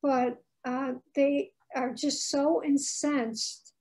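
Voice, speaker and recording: A woman's voice: high voice, fairly even intonation, drawn-out words, a little mellow, poor audio. A woman author as a podcast guest, telling stories with passion and indignation. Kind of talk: casual interview chat.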